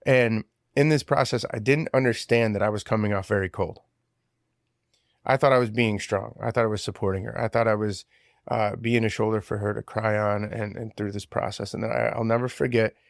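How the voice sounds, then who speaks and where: A man's voice: fairly low pitch, vocal fry, no room sound, studio quality. A man in his twenties giving an earnest, emotional personal testimony as a podcast guest, with frequent fillers. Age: 20s.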